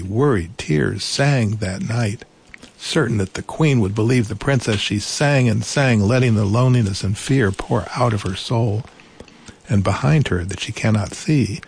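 A man reading a children's storybook aloud in a gentle, unhurried way, adding small asides. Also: fairly low pitch, slight background noise.

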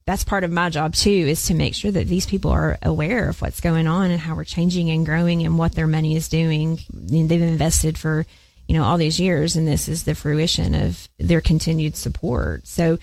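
A woman's voice: low-pitched, moderate pace, gravelly, a little mellow, no room sound. A woman guest in an interview, talking upbeat and enthusiastically about her organization's fundraisers. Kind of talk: casual interview chat.

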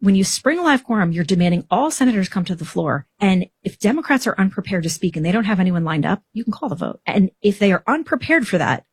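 A woman's voice: medium pitch, big pitch swings, fast, few pauses, breathy edge, no echo. A woman being interviewed as a political guest, cheerfully laying out a plan step by step. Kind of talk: interview explanation.

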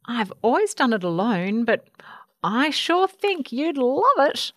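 A woman's voice: a little high, very animated, takes it slowly, no echo, clean studio sound, voice pushed up, full character voice. A woman voicing a friendly, clumsy male coot bird who bubbles and stammers a little, in a storybook reading. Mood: cheerful. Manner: bubbly, hesitant, kindly.

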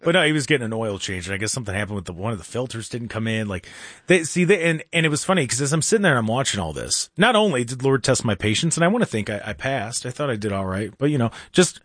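A man's voice: mid-range voice, big pitch swings, fast talker, a bit bright, dry recording, clean studio sound. A man hosting a casual talk show, chatting in a rambling way with many restarts and fillers. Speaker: show host. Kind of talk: casual live-stream show chat.

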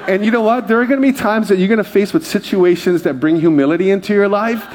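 A middle-aged male pastor from Hawaii, preaching a lively sermon full of jokes and calls to the congregation. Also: high voice, quick pace, a little hiss or hum. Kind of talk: sermon with humorous stories.

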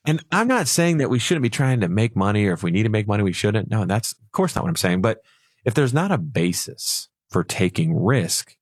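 A man's voice: fairly low pitch, sing-song, a little fast, dry recording, studio quality. A man co-hosting a retirement finance radio show, telling stories and acting out little voices playfully. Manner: storytelling, acts out voices playfully.

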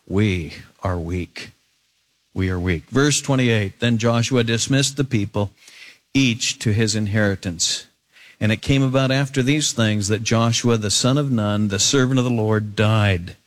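A male pastor preaching, reading scripture aloud and adding expressive asides. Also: on the low side. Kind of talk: sermon.

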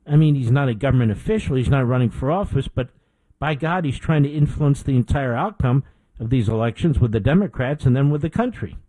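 A man's voice: medium pitch, lively intonation, fairly quick, dark tone, dry recording, low-quality recording. A middle-aged man hosting a political talk show, delivering an indignant opinion monologue with emphatic repetition.

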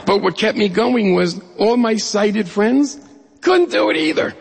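A middle-aged man from New York State telling a humorous personal story to an audience in an animated way. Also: sits high, unhurried, gravelly, long reverb tail, slight background noise.

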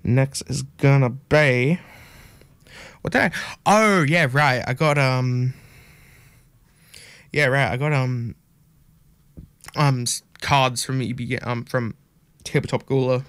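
A man's voice: mid-range voice, flat delivery, slow pace, pauses often, a bit bright, clean tone, dry recording. A man hosting a casual show, rambling with lots of fillers and unsure asides. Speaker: host.

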